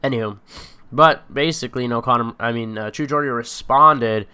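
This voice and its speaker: A man's voice: medium pitch, normal speed, bright, forceful tone, clean tone. A young man hosting a live stream, rambling casually in profane slang about combat sports.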